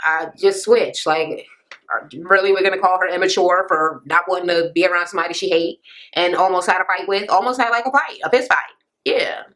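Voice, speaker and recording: A young woman ranting through a casual reality TV recap, blunt and sassy, swearing freely and jumping into sudden high squeals. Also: brisk, a bit bright, low-quality recording. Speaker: vlogger reviewing reality TV.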